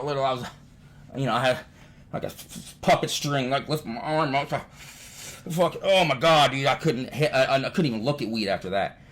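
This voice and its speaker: A man tells stories to his viewers from home, cursing freely and tacking "dude" onto nearly every sentence. His pitch swings widely as he talks, at a middling level for a man. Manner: animated, swears constantly, says "dude" often. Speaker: vlogger. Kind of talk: profane casual storytelling.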